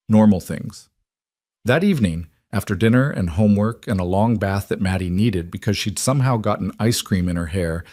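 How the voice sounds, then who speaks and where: Male narrator, lowish dry voice, steady scripted storytelling. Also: no echo.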